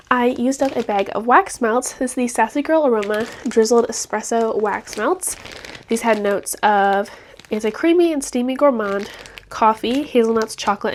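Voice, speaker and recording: A woman's voice: a little high, slight background noise. Chatty young woman reviewing products. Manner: chatty, rambling, with frequent fillers. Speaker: beauty vlogger.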